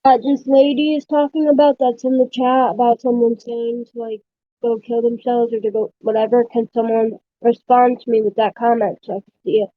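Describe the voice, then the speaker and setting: A woman with a fairly high pitch keeps asking questions in a puzzled way. Her voice comes through a muffled voice-call connection. It sounds dry and close. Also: flat delivery, moderate pace, no echo. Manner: puzzled, asks a lot of questions. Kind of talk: casual voice chat.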